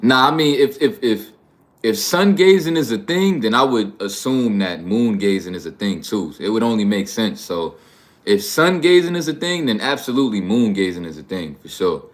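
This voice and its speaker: A man's voice: fairly low pitch, lively intonation, moderate pace. A man from New York hosting a livestream, talking bluntly and profanely in a rambling, casual way. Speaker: livestream host.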